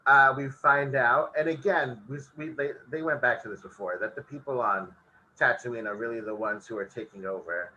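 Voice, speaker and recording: Bright-voiced laughing podcast man. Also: medium pitch, normal speed, muffled recording, a little hiss or hum. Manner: laughs often while recapping. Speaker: podcast co-host. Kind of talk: casual podcast chat.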